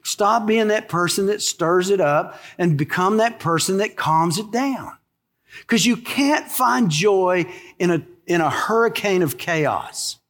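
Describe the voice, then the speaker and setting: A pastor preaching a sermon in a folksy, conversational way, driving points home with emphatic repetition. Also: male voice, sits high, lively intonation, unhurried, fairly bright tone.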